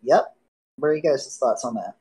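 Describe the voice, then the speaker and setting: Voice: mid-range voice, animated, moderate pace, dark tone, rough recording. A host running a casual podcast, moving through topics with playful, teasing repetitions.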